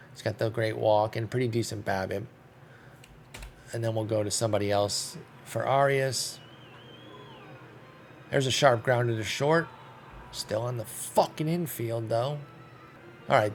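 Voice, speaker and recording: Gravelly man venting over a baseball sim. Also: medium pitch, a little hiss or hum. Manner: frustrated, swears, thinks aloud. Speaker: gaming YouTuber. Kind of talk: live commentary while playing a baseball sim.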